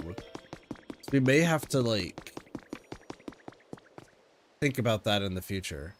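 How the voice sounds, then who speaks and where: A man's voice: medium pitch, sing-song, a little slow, pauses often, slight background noise. A man streaming a video game, chatting casually and thinking aloud with lots of fillers. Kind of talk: casual let's-play commentary. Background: game music.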